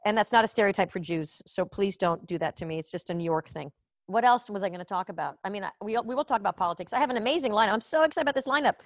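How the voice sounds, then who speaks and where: A woman from Israel rambles through a casual comedy monologue, swearing freely and poking fun at herself. Her voice sits mid-pitch and sounds close and dry, like a computer mic on a video call from home. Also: dry recording. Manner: chatty, profane, self-mocking, jumps between topics. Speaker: comedian hosting a live online show. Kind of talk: casual rambling stand-up chat.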